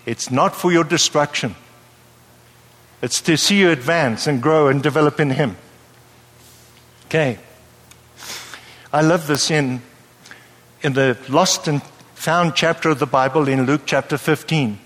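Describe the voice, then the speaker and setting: A man preaches to a live congregation in a lively, playful manner, stopping often to ask the audience whether they understand. His voice sits a little high for a man. The sound carries the long reverb of a large hall. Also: measured pace, long pauses. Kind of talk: sermon.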